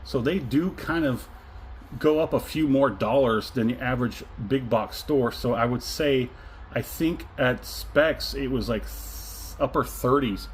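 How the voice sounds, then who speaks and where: A middle-aged man reviews a whiskey in a relaxed, casual way, his voice sitting at an ordinary pitch. He talks with effusive delight, savoring each sip and humming and chuckling along. Faint room ambience lies behind him. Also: unhurried, slight background noise, low-quality recording.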